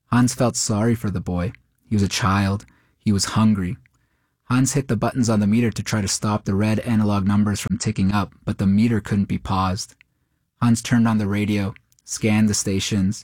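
A man narrating a short story in a steady, measured way. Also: fairly low pitch, no echo, clean studio sound.

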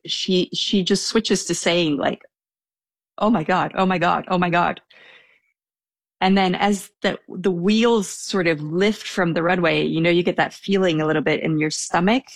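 A woman's voice: on the low side, normal speed, hardly any pauses, no echo. A young woman telling a personal anecdote in a casual, hesitant way, with small laughs. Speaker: storyteller guest.

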